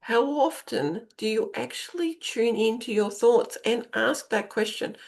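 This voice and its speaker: A fairly high yet darkish, gravelly voice moves unhurriedly with hardly any pauses. The speaker is a middle-aged podcast host and intuitive coach giving a conversational self-help monologue, repeating phrases for emphasis.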